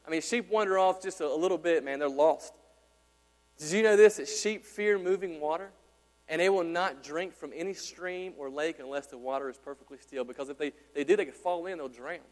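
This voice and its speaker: A male pastor preaching a sermon in a church, talking conversationally and asking his congregation questions. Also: brisk. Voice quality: deep. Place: church sanctuary. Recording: hall reverb with mains hum.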